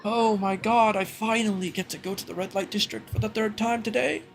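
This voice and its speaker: A man's voice: sits high, brisk, vocal fry, soft background music, voice pushed up. A man voicing a cowardly, murderous male noble who fawns and gushes in a whiny voice. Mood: gushing. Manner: whiny, gushing, breathless.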